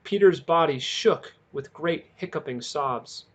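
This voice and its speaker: A man's voice: a little high, lively intonation, a little slow. Man reading a novel aloud. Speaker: audiobook reader.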